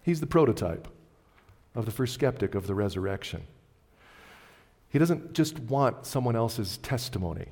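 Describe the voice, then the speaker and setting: A man preaching a sermon, moving between loud, emphatic lines and quiet, low ones. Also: lively intonation, moderate pace, long pauses. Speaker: pastor. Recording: long hall reverb.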